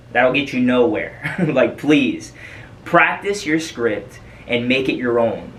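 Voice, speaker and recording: A man's voice: mid-range voice, fairly bright tone, recorded from a distance, slight background noise, poor audio. A man talking casually as a sales trainer, loose and chatty with many fillers and repeats. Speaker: freight broker trainer. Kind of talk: casual coaching monologue.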